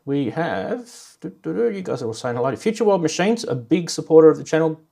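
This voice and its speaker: A man's voice: fairly high pitch, big pitch swings, fast, dark tone. A man with an Australian accent hosting a casual livestream, cracking corny jokes and greeting viewers by name. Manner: jokey, rambling, greets chat by name. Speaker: livestream host.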